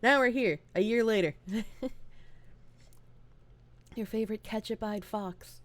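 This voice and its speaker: A woman's voice: a little high, a little slow. A woman streaming live in casual, chatty talk with a groggy morning voice. She swears freely and laughs often. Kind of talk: casual livestream chat.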